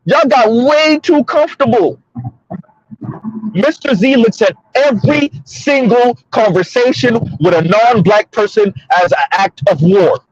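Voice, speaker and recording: A man's voice: very high voice, measured pace, no room sound, highs cut off. A man hosting a casual commentary monologue from his car, emphatic and repetitive, talking straight to listeners. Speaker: commentary host. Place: in a car on the road.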